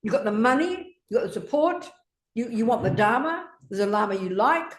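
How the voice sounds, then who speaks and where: This older woman teacher of Buddhism has a fairly high, very animated voice and a brisk delivery. She confronts her student with curt questions, cursing freely, as the room's echo carries her words.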